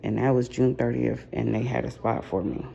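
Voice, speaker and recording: A tired woman talking to her camera in a casual personal vlog, low on energy, sighing often and speaking from the heart. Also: normal speed, gravelly, warm tone, a little hiss or hum. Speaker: vlogger. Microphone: camera mic.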